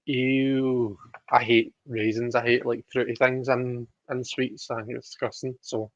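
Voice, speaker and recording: A man's voice: mid-range voice, level tone, moderate pace, creaky, no room sound, lo-fi sound. A man hosting a livestream, chatting casually, reading out viewer comments with giggly, self-deprecating asides. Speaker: livestream host reading tarot.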